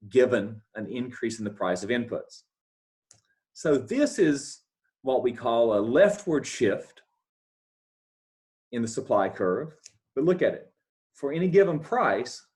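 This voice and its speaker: A man giving a recorded economics lecture, explaining step by step over his notes and repeating key points with checking questions. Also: mid-range voice. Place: talking over scribbled notes, not at a board.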